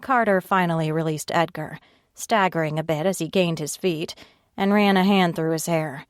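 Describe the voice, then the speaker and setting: A woman narrating an audiobook in first person, reading at a slow, steady pace and raising her pitch for the other characters' lines. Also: clear, resonant tone, dry recording, studio quality, natural voice. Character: tearful frightened young woman narrator, Ivy.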